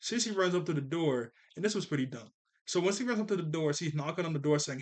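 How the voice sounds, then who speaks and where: A man casually recapping and reviewing a cartoon episode, laughing often and slipping into quick character voices. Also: a little high. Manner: animated, laughs often, jumps into character voices when quoting.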